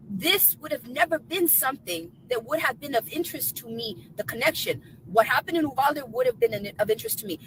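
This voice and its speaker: Woman in a car, high voice, insistent, repeats herself for emphasis; faint road noise. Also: a bit bright, rough recording. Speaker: streamer in a played clip. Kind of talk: emphatic monologue.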